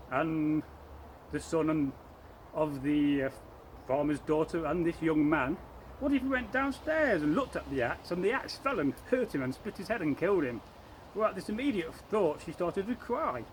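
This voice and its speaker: A man telling an old folktale aloud to listeners, lively and rambling, correcting himself as he goes. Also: fairly high pitch, slight background noise, poor audio. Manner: speaks to listeners, points to props. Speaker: storyteller. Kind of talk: live oral folktale telling.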